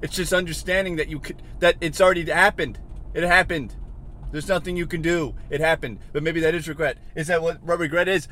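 A man hosting a solo podcast from inside a car, rambling and questioning himself, swinging from mutters to shouts. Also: a little high, brisk. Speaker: podcast host.

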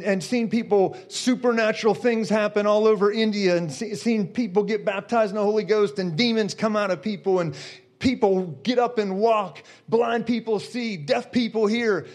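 Man, high voice, preacher, animated testimony, bursts into shouting. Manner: animated storyteller, shouting at the climax.

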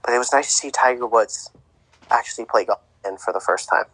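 A man's voice: mid-range voice, quick pace, fairly bright tone, slightly rough, no room sound, low-quality recording. A man co-hosting a podcast, chatting casually about sports with lots of fillers and restarts. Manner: rambling, with many fillers and restarts. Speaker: podcast co-host.

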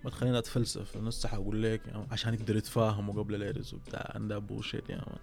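Male guest, gravelly, slangy and laid-back. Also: lowish voice, flat delivery, rapid-fire, over music. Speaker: podcast guest. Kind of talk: casual chat.

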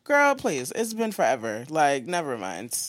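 A woman hosting a podcast, venting in casual chat with blunt, profane and animated talk. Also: low-pitched, a little slow, no room sound, clean studio sound. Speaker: podcast host.

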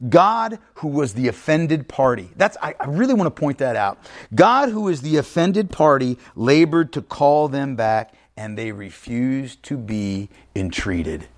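A man's voice: a little high, very animated, moderate pace. A male pastor preaching an emphatic, conversational sermon, often checking in with his listeners. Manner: emphatic, conversational preaching with frequent "right?" asides.

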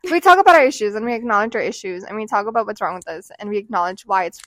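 A young woman co-hosting a podcast in casual chat, animated and chatty, laughing often and swinging quickly between loud and soft. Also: mid-range voice, dry recording. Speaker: podcast co-host.

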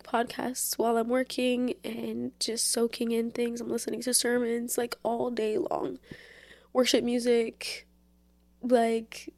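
Slow, gravelly-voiced young woman. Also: on the high side, a little mellow, no echo. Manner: chatty, lots of fillers, earnest. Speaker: podcast host. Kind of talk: casual faith talk.

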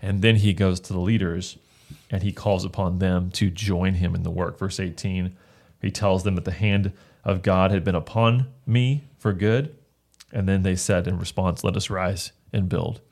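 A man's voice: deep voice, steady tone, moderate pace, a little mellow. A man, a pastor, talking through a book of the Bible in a casual discussion, earnest and often restarting his phrases as he reads verses aloud.

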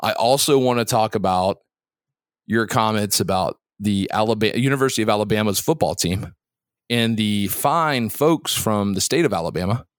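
A man hosting a podcast in casual chat, asking teasing, probing questions with quick restarts. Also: lowish voice, no room sound, studio quality. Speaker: podcast host.

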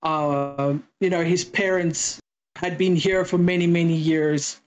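A woman's voice: on the low side, steady tone, unhurried, a little mellow, highs cut off. A woman from South Africa with a South African accent, chatting as a podcast guest and acting out little exchanges as she tells stories. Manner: chatty storyteller, acts out exchanges with quoted voices. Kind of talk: casual interview chat.

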